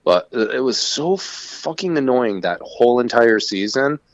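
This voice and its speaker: A man co-hosting a podcast, telling a casual, profane story in an animated way. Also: medium pitch, a little slow, no room sound. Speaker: podcast co-host. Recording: dull lo-fi sound.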